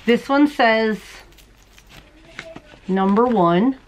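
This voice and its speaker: Late at night at home, a woman hosts her crochet podcast, bubbly and chatty as she gushes over mail and gifts she holds up to the camera she's handling. Her voice is slightly high and she talks extremely slowly, with poor audio quality.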